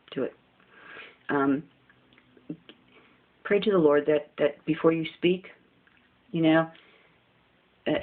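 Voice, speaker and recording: A woman giving informal spiritual encouragement, earnest and repetitive, often pleading. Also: on the low side. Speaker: faith video host. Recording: tinny phone-like audio with faint hiss.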